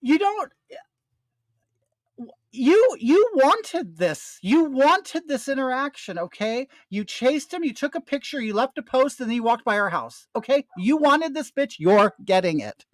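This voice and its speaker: An older man talking straight to his viewers, his pitch swinging up and down as he rants through a profane story. His voice sits close and dry, with no room sound around it. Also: unhurried, dry recording. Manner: animated, profane, ranting. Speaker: storyteller addressing his audience. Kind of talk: casual storytelling.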